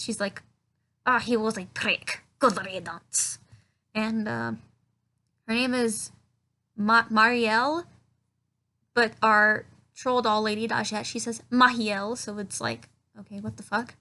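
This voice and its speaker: Woman ranting bout a bad movie, swears a lot, laughs, kinda high voice. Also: a bit bright. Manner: rambling, profane, laughing, incredulous. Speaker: film reviewer. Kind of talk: casual film review vlog.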